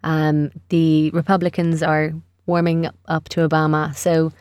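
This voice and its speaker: A woman's voice: deep voice, little pitch movement, unhurried, darkish tone, no room sound. A woman radio producer previewing her show, hesitant with many ums. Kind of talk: studio radio chat. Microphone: studio microphone.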